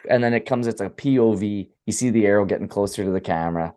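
With a lowish, dark-toned voice, a man co-hosting a podcast recaps a horror film in a loose, crude, joking way. The recap is casual and profane, and he briefly acts out the characters' lines.

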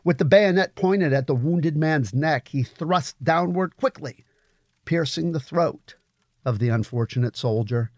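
A man narrating a story in a measured, grave audiobook reading. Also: a little high, dry recording. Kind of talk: scripted narration.

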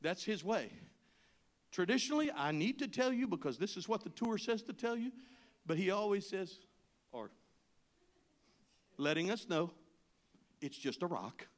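A man preaching a sermon as pastor, telling a travel story and rising to shouted, pleading appeals. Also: high voice, lively intonation, normal speed, long pauses.

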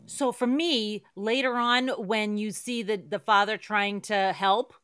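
A woman co-hosts a casual movie review podcast in a bright, sharp voice, recorded dry and close. She talks quickly and restarts her sentences as she works through her ideas. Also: mid-range voice, smooth, no echo. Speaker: podcast co-host.

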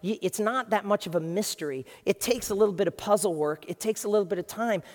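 Guy preaching, chatty and animated, big echoey church hall. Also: high voice. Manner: lively, conversational preaching with quick asides to the congregation. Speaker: pastor. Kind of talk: sermon. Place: large church hall with a congregation. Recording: long reverb of a large hall.

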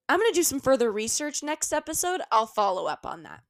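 A young woman in her twenties hosting her own podcast, rambling through her thoughts in a chatty, filler-heavy way with animated rants. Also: sits high, fast, few pauses. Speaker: podcast host. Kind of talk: casual solo podcast monologue.

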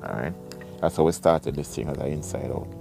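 Deep gravelly man. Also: fairly quick, music in the background. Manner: rambling, chatty asides. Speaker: podcast host reading a book aloud. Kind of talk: casual reading with side commentary.

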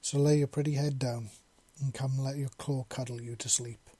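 A man reading aloud puts on a big scaly clawed creature with a deep, husky purr that sits low and soft. The voice is mellow and a little breathy. The room sounds dry and close. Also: steady tone, moderate pace, dry recording, lightly acted. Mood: purring, teasing. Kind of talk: storybook reading.

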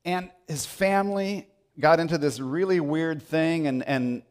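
A man preaching a sermon as pastor, emphatic and repeating phrases for stress. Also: on the high side.

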